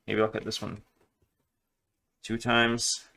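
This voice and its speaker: A man's voice: on the low side, completely flat delivery, takes it slowly, gravelly, bright, forceful tone. A man chatting casually in a home kitchen while he cooks, rambling and joking about himself. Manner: rambling, self-deprecating, joking. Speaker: cooking vlogger. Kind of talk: casual cooking vlog.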